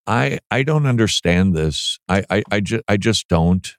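A man's voice: fairly low pitch, animated, a little slow, dry recording, clean studio sound. A male radio talk show host giving emphatic, sarcastic commentary with an incredulous edge.

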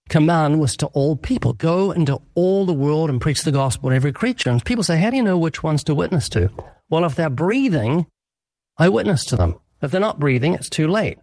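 Appearing as an evangelist guest on a radio interview, a man preaches earnestly and emphatically, acting out brief exchanges like a sermon with dialogue. His voice is fairly high and slightly mellow, with no echo.

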